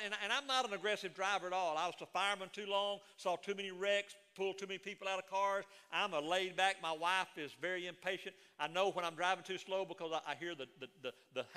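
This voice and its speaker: A man's voice: high voice, sharp tone, clear, resonant tone, in a large hall. A middle-aged man preaching a sermon as a pastor, moving between folksy stories and emphatic proclamation.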